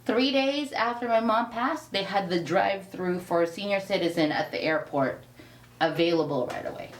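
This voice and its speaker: A woman's voice: mid-range voice, normal speed. A woman telling a personal story in a candid conversation, acting out the quoted lines feeling. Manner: animated, acts out quoted dialogue. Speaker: guest. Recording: roomy echo, mic at a distance, faint hiss.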